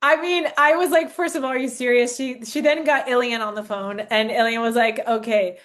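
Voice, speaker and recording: An animated woman in her forties speaks earnestly to a crowd, her voice pitched a touch high. She talks straight to her listeners with eager conviction. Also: fairly quick. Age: 40s. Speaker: network marketing speaker. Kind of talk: storytelling testimonial on stage.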